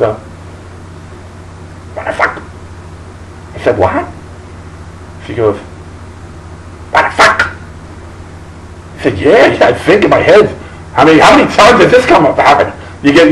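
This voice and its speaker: A man's voice: on the high side, echoey room, a little hiss or hum, poor audio. A middle-aged man telling a crude, profane story as a stand-up comedian, laughing at his own jokes. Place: live stage.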